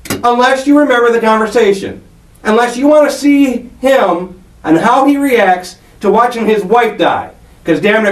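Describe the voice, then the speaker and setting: A man's voice: high voice, lively intonation, normal speed. A male police detective interrogating a suspect, confrontational and swearing as he presses for a confession. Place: interrogation room. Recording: echoey room picked up from far off.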